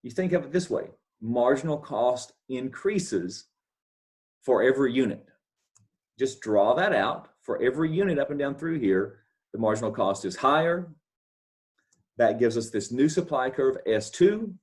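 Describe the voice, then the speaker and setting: A man with a medium-pitched voice, lively intonation and a slightly slow pace delivers a recorded economics lecture. Talking over scribbled notes rather than at a board, he explains step by step and repeats key points with checking questions.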